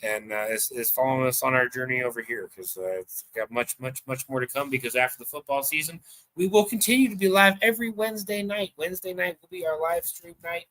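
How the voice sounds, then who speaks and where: A man from the United States hosting a casual livestream chat, excitable and rambling, swearing freely and using lots of fillers. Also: medium pitch, fast. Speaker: host.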